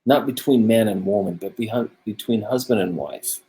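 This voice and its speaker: A man with a somewhat low voice talks through scripture in a relaxed study chat. He sounds earnest and thoughtful, and he grows animated when he drives a point home. He speaks close to his own camera. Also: normal speed. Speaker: co-host of a religious discussion show. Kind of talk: casual Bible study discussion. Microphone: own camera close by, video stream.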